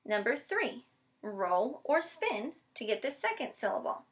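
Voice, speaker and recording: A woman teacher giving a patient one-on-one phonics lesson, modeling each step slowly and spelling words out letter by letter. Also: fairly high pitch, sing-song. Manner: slow, deliberate modeling with frequent check-ins. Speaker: special education teacher.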